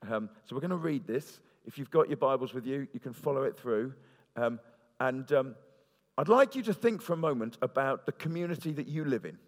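A man's voice: medium pitch, lively intonation, a little fast. A man preaching a sermon in church, earnest and storytelling, with fillers and restarts. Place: church hall. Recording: reverberant church hall.

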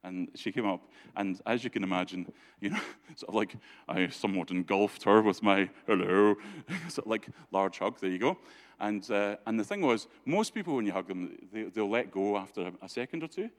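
A man's voice: lowish voice, animated, moderate pace. A man telling stories in a church talk, chatty, often laughing, with many restarts and fillers. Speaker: church speaker. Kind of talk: anecdotal storytelling talk.

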